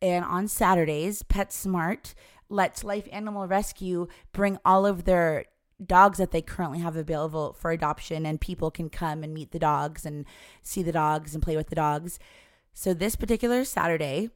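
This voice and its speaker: Chatty mom telling a family story. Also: female voice, on the low side, moderate pace, no echo, studio quality. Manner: chatty, animated, acts out quoted voices. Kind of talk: casual storytelling chat.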